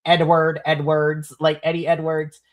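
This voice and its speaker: Reviewing a wrestling show, a podcast co-host chats casually and animatedly, laughing often and swinging widely in pitch. The pace is a little slow.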